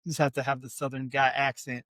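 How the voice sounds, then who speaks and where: A man's voice: mid-range voice, level tone, quick pace, a bit bright, no room sound. A man, co-hosting a podcast in rambling, self-deprecating casual chat. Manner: rambling, self-deprecating, with many fillers and restarts. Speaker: podcast co-host.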